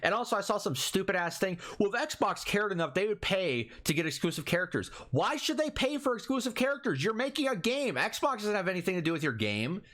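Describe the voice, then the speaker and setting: A young man co-hosting a podcast, ranting angrily and cursing a lot in casual chat. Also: high-pitched. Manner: angry profane rant, fast and animated. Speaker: podcast co-host.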